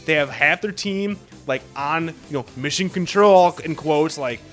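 A man's voice: on the high side, a little slow, a bit bright, soft background music. Rambling foul-mouthed podcast host, man. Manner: rambling, profane, lots of "like" fillers. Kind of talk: casual podcast chat.

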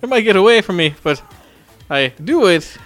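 A man voicing a brash grown man with a put-on Irish accent, talking in a loud, halting, self-conscious way. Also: high-pitched, very animated, soft background music, pitched above the performer's own voice. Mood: hammy. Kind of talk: comic impression in a podcast chat.

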